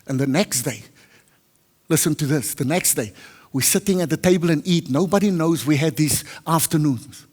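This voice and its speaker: Casting: South African male preacher, a little high-voiced, storytelling sermon, big hall echo. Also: moderate pace. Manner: switches between Afrikaans and English, acts out dialogue loudly. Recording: long hall reverb.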